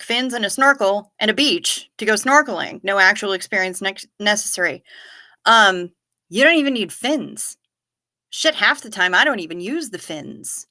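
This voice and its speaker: Bright-voiced, profane livestream host woman. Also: medium pitch. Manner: profane, sarcastic, chatty. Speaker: livestream host answering chat. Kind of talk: casual chat.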